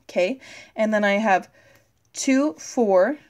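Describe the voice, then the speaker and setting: Speaking at medium pitch with a slightly mellow tone, a female teacher leads a recorded chemistry lesson. She reasons aloud as she writes on the board, covering pauses with "uh" and "okay."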